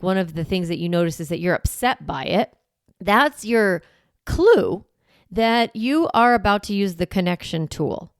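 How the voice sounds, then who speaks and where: A woman's voice: mid-range voice, a little mellow, clear, resonant tone, dry recording, clean studio sound. A woman podcast host coaching parents in a conversational, encouraging way. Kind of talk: podcast teaching monologue.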